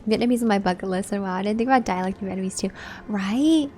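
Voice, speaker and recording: A woman's voice: mid-range voice, fast, darkish tone, a little hiss or hum. A young woman, hosting a livestream and chatting casually with her viewers in a laid-back way. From Southern California. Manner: chatty, laid-back, reads and answers chat. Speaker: livestream host.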